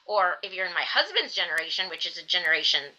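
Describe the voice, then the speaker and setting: A middle-aged woman, a dietitian guest on a podcast, telling stories in a casual, animated way and acting out the voices she quotes. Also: fairly low pitch, quick pace, highs cut off. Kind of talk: casual storytelling interview.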